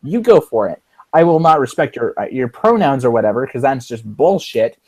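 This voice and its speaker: A man's voice: mid-range voice, very animated, normal speed, a little mellow, slightly rough, dry recording. A man talks loosely on a livestream call, rambling and cursing freely. His mid-range voice is heard through a computer mic, full of fillers and restarts. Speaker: livestream co-host. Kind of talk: casual livestream chat.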